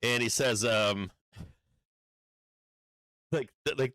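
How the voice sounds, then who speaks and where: A man riffs through casual livestream market commentary, swearing freely and stumbling over fillers as he hammers home his warnings. His pitch sits right in the middle for a man. The sound is dry and close, with no room around it. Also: slow pace, long pauses, fairly bright tone, no room sound, poor audio. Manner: blunt and profane, rambling with many fillers; urgent warning tone. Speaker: stock market streamer.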